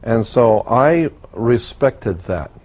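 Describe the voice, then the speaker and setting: Male guest, mid-pitched, warm and dark tone, earnest storyteller who repeats himself for emphasis. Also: animated, slow. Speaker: guest telling his story. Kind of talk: first-person storytelling in a talk program.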